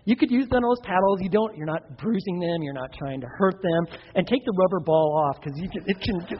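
A man preaching a sermon on parenting, animated, acting out children and parents in playful voices. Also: high-pitched, fast, a little hiss or hum. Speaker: pastor. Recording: dull sound with long hall reverb.

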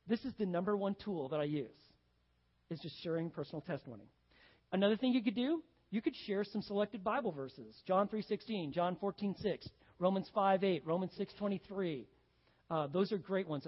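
Pastor preaching in an echoing church. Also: male voice, sits high, animated, fairly quick. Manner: conversational, storytelling, acts out jokes. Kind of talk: sermon. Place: church sanctuary. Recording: dull sound in a reverberant hall.

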